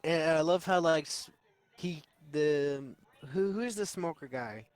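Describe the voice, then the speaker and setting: A man co-hosting a casual podcast, eagerly talking up his favorite scenes. He often stammers on the first word and swears freely. His voice sits a touch high. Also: a little slow, clean tone, dry recording. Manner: enthusiastic, stammering restarts, swearing. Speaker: podcast co-host. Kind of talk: casual movie review chat.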